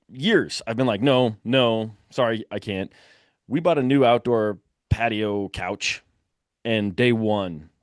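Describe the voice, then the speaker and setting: A man with a low voice tells a story as a podcast guest. His tone is relaxed and he chuckles now and then. The sound is dry and close. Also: no echo. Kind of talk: casual storytelling.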